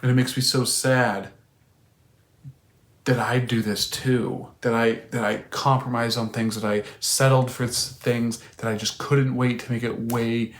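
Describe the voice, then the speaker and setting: A man's voice: mid-range voice, flat delivery, a little slow. A man co-hosting a podcast, giving an earnest, loosely worded reflection on faith with frequent restarts. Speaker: podcast co-host. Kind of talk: faith reflection, casual storytelling. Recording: roomy echo.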